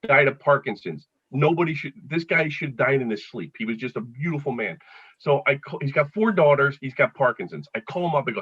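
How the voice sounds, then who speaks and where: A comedian in his fifties chatting as a guest, telling animated stories and acting out what people said. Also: mid-range voice, a little fast, breathy edge, muffled recording. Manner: animated storyteller who acts out quotes. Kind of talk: casual chat with comic anecdotes.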